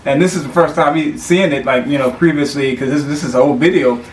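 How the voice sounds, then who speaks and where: A man co-host in loose, rambling casual chat who keeps breaking into laughter. His voice sits a little higher than most men's. The room is echoey, with a faint hum of noise behind him. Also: quick pace. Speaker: podcast co-host. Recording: roomy echo, faint background noise.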